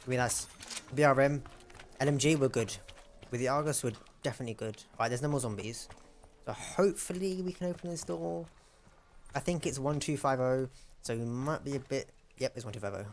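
A man's voice: mid-range voice, fairly quick, slight background noise. A young man giving casual, self-mocking gameplay commentary and chatting to the enemies. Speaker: gamer.

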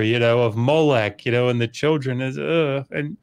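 A man, a scholar being interviewed, explaining things at length in a measured way with frequent fillers. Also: medium pitch, clear, resonant tone. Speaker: scholar guest. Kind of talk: casual expert explanation.

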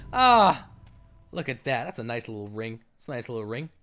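A man doing let's play commentary, excitable, swinging between yelling and muttering. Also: mid-range voice, moderate pace. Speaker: gameplay commentator.

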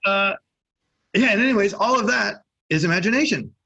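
Husky man co-host telling stories. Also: high voice, brisk, dull audio. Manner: animated storytelling, acting out both sides of a conversation. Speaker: podcast co-host and hypnosis coach. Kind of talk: casual chat.

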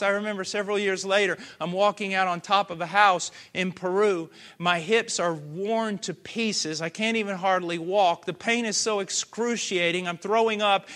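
Man, preacher, sermon, high voice, bright tense tone, fervent, hushed to loud. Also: fairly even intonation, moderate pace. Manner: impassioned, swinging from hushed earnest tones to loud cries.

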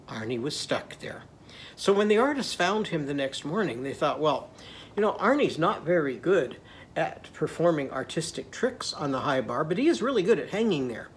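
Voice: medium pitch, slight background noise. A teacher telling a story to young children and leading them in call-and-response. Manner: animated, leads call-and-response.

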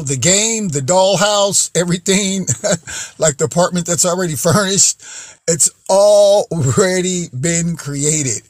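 A man's voice: on the high side, dry recording, clean studio sound. A man hosting his own vlog, talking to viewers in an upbeat motivational monologue and laughing often between phrases. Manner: chatty, addresses viewers as guys and folks. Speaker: vlog host.

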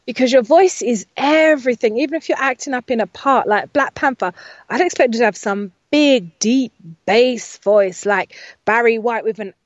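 A woman voiceover artist and speaking coach, talking casually as an interview guest. Her fairly high voice rambles along, full of fillers and restarts. The sound is dry and a little dull, like a lo-fi home setup. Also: moderate pace, no echo.

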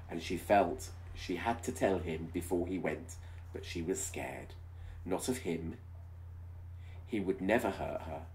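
A man's voice: sits low, a little mellow. A man reading a romance story aloud in a mock-dramatic way, breaking off for teasing, sarcastic comments. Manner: wry, teasing. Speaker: video host reading aloud.

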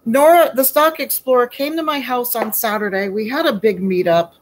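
A woman's voice: on the high side, normal speed, slight background noise, low-quality recording. A woman hosting a casual live baking stream from her home kitchen, chatty and folksy, greeting viewers by name.

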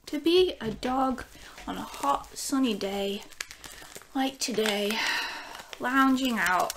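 A woman chatting excitedly at home as she unboxes a record for her vlog, gushing and talking to her dog. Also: on the high side, slow, pauses often. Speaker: vinyl collecting YouTuber.

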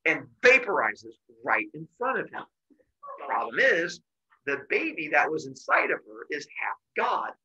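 A man teaching a class by retelling a myth in an animated, jokey way with deadpan asides. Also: on the high side, measured pace, lo-fi sound. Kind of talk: comic myth storytelling to a class.

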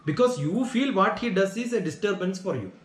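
A man's voice: sits high, animated, fairly quick, roomy sound. A man teaching as a spiritual teacher, answering questions earnestly and checking in with his listeners as he explains. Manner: earnest, explanatory, asks "Got it?" to check understanding.

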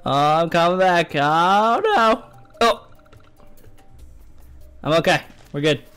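A young man giving goofy, exclamatory commentary while playing a game, jumping between loud yelps and low mutters. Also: animated, slow, clean tone, soft background music. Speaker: gamer.

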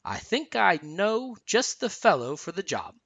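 A man reading a storybook aloud, voicing a friendly, easygoing young mountain man with a relaxed, good-natured way of talking. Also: sits high, unhurried, gravelly, no room sound, voice pushed up, exaggerated voice.

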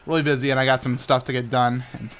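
Young male gaming host, clear smooth voice, stammers and restarts often, sounds tired, tosses in silly sound effects. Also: medium pitch, flat delivery, fast. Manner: rambling, frequent stammered restarts. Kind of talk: casual talk while playing Minecraft.

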